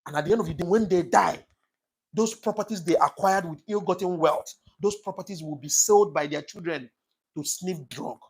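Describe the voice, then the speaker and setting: Impassioned man, husky voice. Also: high voice, normal speed. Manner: preachy, repetitive, emphatic. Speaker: commentator on his own channel. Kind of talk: impassioned political monologue.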